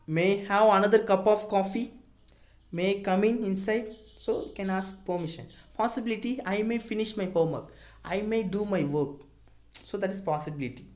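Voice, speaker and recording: Woman teaching grammar, low voice. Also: darkish tone. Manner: explains modal verbs step by step, reading example sentences slowly. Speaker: English teacher. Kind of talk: grammar lesson.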